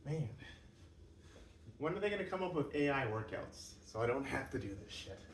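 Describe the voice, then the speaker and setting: A man's voice: mid-range voice, sing-song, normal speed. A young man vlogging his home workout, chatty and joking to himself between exercises. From Canada. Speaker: fitness vlogger. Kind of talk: casual workout vlog. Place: home room at night. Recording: roomy distant mic with faint background hum.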